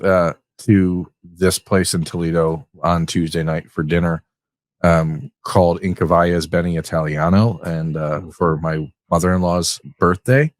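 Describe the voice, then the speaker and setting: A man with a low, deep voice talks casually on a podcast. He rambles and restarts his sentences, and the sound is close and dry. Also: dry recording. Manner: rambling, hesitant with many restarts. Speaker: podcast guest.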